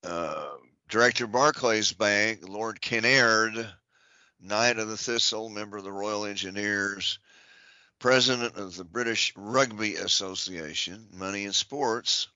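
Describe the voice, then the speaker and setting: Low-voiced man reading a long list. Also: unhurried, bright, forceful tone, dry recording, lo-fi sound. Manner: dry joking asides between list items. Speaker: podcast guest. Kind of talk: reading out a list of historical figures with asides.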